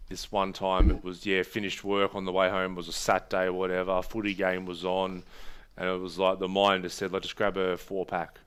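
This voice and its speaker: A man, talking casually on a podcast. His voice is low and smooth as he rambles through a story, doubling back on his words. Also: monotone, fairly quick, a bit bright. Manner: rambling, restarts words, laughs at own stories. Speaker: podcast co-host. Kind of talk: casual chat.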